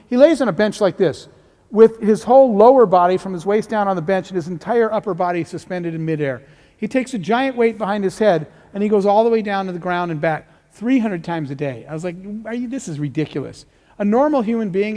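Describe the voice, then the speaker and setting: A middle-aged man giving a motivational speech, telling a story and acting out the dialogue. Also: sits high. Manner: storytelling, animated, acts out dialogue. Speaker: keynote speaker. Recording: hall reverb.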